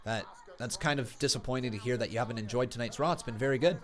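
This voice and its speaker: Man, live stream host, bright forceful tone, chatty, shouts excited play-by-play, speech a bit off from a sore tongue. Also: mid-range voice, fast talker. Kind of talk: casual live reaction chat.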